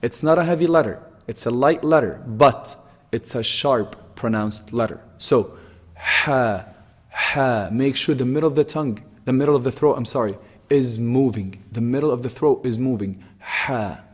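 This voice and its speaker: A man teaches pronunciation, slowly and patiently repeating each sound so learners can copy it. His voice sits at an ordinary middle pitch. The recording has a long, hall-like echo. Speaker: Quran teacher. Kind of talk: pronunciation lesson.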